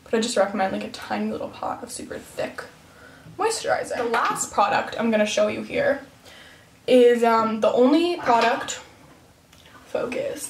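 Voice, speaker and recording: Chatty teenage girl, roomy and distant. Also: on the high side. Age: teens. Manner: chatty, rambling, fills with "like" and "um". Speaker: beauty vlogger. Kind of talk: casual skincare vlog.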